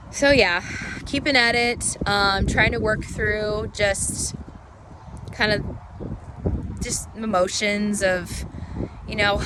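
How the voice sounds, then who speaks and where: A woman speaking hoarsely from a cold, talking candidly and haltingly in an unedited personal vlog. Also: medium pitch, noisy background. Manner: rambling, halting, candid and reflective. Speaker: vlogger.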